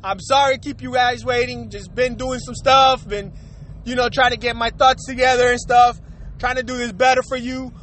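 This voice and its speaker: A man hosting a solo rant podcast, swearing and slangy, with a cold that makes him cough and clear his throat. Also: very high voice, flat delivery, normal speed, fairly bright tone, a little hiss or hum. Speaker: podcast host.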